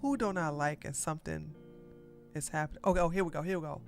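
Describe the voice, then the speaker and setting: A woman's voice: low voice, fast, gravelly, soft background music. A woman hosting a political news livestream, blunt and sarcastic, talking straight to her chat. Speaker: podcast host.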